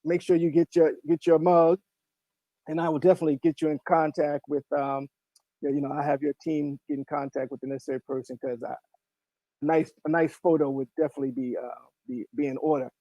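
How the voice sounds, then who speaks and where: A man's voice: on the high side, no room sound, muffled recording. Man hosting a radio show, dry sound. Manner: relaxed, halting, with fillers and restarts. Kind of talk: casual interview chat.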